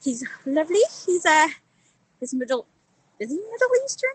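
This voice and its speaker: A woman's voice: high voice, sing-song, moderate pace, a bit bright, no room sound, rough recording. A woman with a Northern English accent calling in, out of breath from walking, talking frankly with lots of fillers. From Northern England. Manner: frank, laughing, many fillers. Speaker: caller. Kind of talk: casual phone call.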